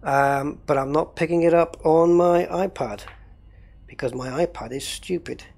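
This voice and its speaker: A man's voice: on the high side, unhurried, creaky, darkish tone. A man running a gaming livestream, rambling casually and thinking aloud while he troubleshoots.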